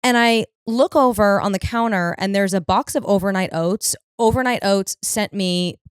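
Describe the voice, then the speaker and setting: A woman's voice: medium pitch, normal speed, smooth, dry recording, studio quality. A young woman hosting a podcast, telling rambling, profane stories in a casual comedic monologue. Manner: rambling, profane, animated storytelling. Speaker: podcast host.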